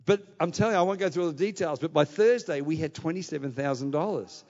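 A man preaches from the pulpit, telling his story with animated energy and then pressing his congregation to act. His voice sits a little high, and it rings with a long reverb through a large hall. The recording sounds muffled and dull. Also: fast, few pauses. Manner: animated, anecdotal, rising to exhortation. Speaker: pastor. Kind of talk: sermon with storytelling.

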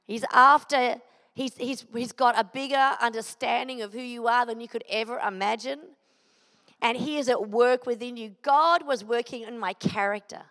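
A woman's voice: fairly high pitch, moderate pace, a bit bright. A middle-aged woman giving an earnest sermon, sharing a personal testimony and driving her points home with repeated phrases. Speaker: preacher. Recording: long hall reverb.

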